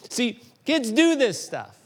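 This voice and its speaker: A middle-aged man preaching a sermon, telling a story with animated emphasis that climbs to emphatic peaks. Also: very high-pitched, slow pace. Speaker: pastor.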